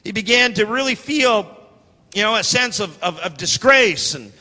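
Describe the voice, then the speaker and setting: A man preaching a sermon as pastor, telling stories with energy and acting out the people in them, building up to shouts. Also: high voice, normal speed, in a large hall. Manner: animated storytelling, acting out quoted voices, building to shouts.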